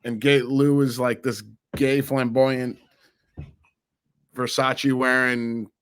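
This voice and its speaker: A man in his forties from New Jersey, a podcast guest telling stories in an animated, rambling way with many restarts. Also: mid-range voice, slow pace, smooth. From New Jersey, USA. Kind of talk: casual interview storytelling.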